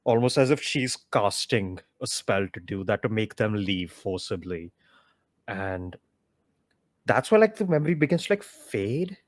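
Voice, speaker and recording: Slow, casual male game master. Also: on the low side, very animated, no room sound, studio quality. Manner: casual, loose, many filler words. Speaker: dungeon master. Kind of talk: narrating a tabletop game.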